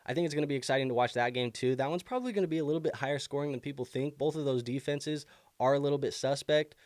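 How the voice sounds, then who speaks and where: A man's voice: mid-range voice, very fast, a little mellow, dry recording, clean studio sound. Casual man hosting a fantasy football stream. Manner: casual, thinking aloud with many fillers. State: has the hiccups. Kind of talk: live stream Q&A advice.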